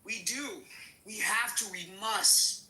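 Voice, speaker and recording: A woman's voice: mid-range voice, slow, sharp tone, echoey room, low-quality recording. A woman speaking as a panel guest, tearful and pleading, her voice breaking as she repeats herself. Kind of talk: emotional panel talk.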